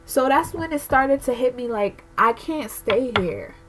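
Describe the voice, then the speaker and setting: A woman's voice: high voice, expressive, unhurried, background noise. Pregnant young woman venting candidly. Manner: candid, emotional, rambling with many fillers. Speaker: vlogger. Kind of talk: casual personal rant to camera.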